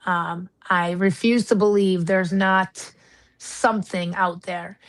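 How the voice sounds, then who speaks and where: A woman's voice: fairly low pitch, steady tone, slow, rough recording. A woman from the United States, a retired marshal and paranormal investigator, speaking earnestly and candidly as an interview guest. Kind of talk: casual interview talk.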